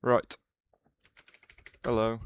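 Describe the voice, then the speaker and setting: A man hosting a casual livestream, rambling, restarting his sentences and answering chat messages aloud. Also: drawn-out words.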